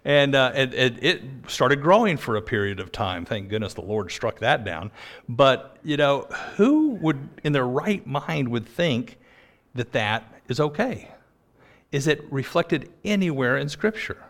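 A man's voice: mid-range voice, sing-song, a little slow, a bit bright. A man preaching a sermon in a conversational storytelling manner, often breaking into laughs.

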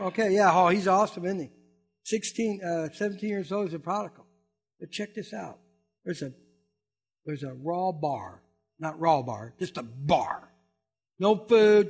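A man preaching a conversational sermon as a pastor, acting out quoted voices and building to emphatic peaks. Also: high voice.

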